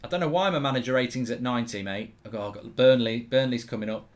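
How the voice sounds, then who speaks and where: A middle-aged man commentating on his own football video game, grumbling and swearing one moment and yelling the next. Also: mid-range voice, fast talker. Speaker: gaming streamer. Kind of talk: live gameplay commentary.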